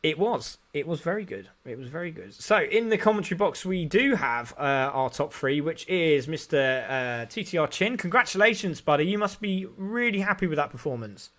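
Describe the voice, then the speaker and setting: Excitable high-voiced race commentator. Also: male voice, normal speed, hardly any pauses. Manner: excitable, rising with the action. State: voice going hoarse. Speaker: sim racing commentator.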